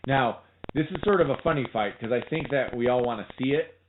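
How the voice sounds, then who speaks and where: A man co-hosting a podcast in casual sports chat, rambling and animated, often restarting his sentences. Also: medium pitch, fast talker. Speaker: podcast co-host. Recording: tinny phone-like line with faint noise.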